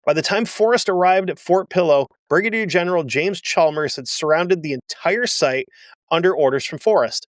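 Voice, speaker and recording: A man's voice: fairly high pitch, normal speed, no echo, studio quality. A man hosting a history show, telling the story casually with blunt, sarcastic asides. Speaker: history podcast host.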